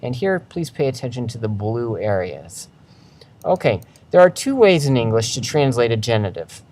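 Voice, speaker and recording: A man teaching Latin in a recorded lecture over slides, walking through each step methodically and reading out word forms slowly and carefully. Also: mid-range voice, big pitch swings, darkish tone. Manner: methodical, walks through steps one by one.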